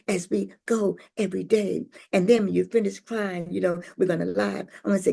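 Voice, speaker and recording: Gravelly, dark-voiced older woman storyteller. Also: mid-range voice, fairly even intonation, fairly quick, few pauses. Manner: rhythmic, playful, acts out voices in stories. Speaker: poet and speaker. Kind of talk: poetry reading and storytelling talk.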